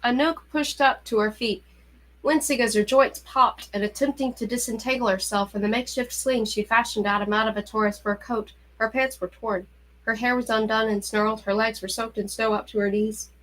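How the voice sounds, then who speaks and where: Woman narrating a novel, slightly high. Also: fairly even intonation, moderate pace, a bit bright, poor audio. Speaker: reader. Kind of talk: audiobook-style novel reading.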